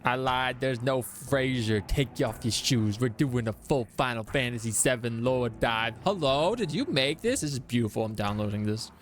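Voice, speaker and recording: A man's voice: mid-range voice, normal speed, hardly any pauses, soft background music. A man streaming a game, chatting casually, explaining lore at length with many fillers and reading out viewer messages. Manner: reads chat aloud and greets viewers. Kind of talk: casual live-stream chat.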